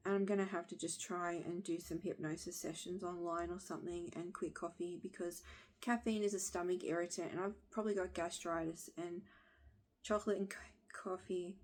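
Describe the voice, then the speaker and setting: A woman in her thirties with a husky voice, bluntly venting her frustration to the camera and swearing along the way. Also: on the low side, steady tone, normal speed, a little mellow. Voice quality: husky smoker-like voice. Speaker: vlogger.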